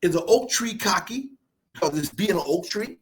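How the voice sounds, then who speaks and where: A man guest telling stories in a fast, animated, playfully boastful way during a casual interview. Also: sits high. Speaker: guest speaker.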